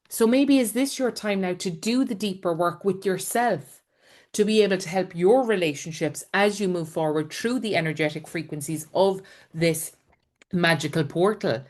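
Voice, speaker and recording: A woman's voice: fairly low pitch, normal speed, a little mellow. Earnest woman coaching on a call. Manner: earnest, encouraging, personal storytelling. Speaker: spiritual coach and healer. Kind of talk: spiritual teaching talk on a live group call.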